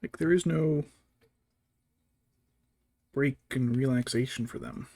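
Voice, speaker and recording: This time his mid-range voice is mellow and slow as the young adult man paints miniatures. He casually tells meandering, profane tales, mocking people through impressions.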